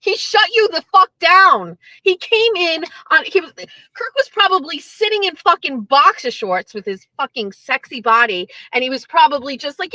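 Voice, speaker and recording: Streamer host, woman, high and bright voice, profane ranting commentary, dry close sound. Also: moderate pace, few pauses, no echo, rough recording. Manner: profane, animated, mocking impressions.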